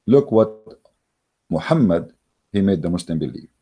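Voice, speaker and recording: A man's voice: sits low, expressive, normal speed, warm tone, breathy edge. A man giving a heated, scornful monologue as an online religious debater, mocking and emphatic, with frequent fillers and restarts. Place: recorded while in Germany.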